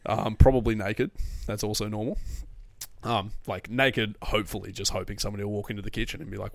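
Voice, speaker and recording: A young man, co-hosting a podcast in a relaxed, joking way and laughing often. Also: on the low side, fast talker, gravelly, no room sound. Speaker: podcast co-host. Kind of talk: casual chat.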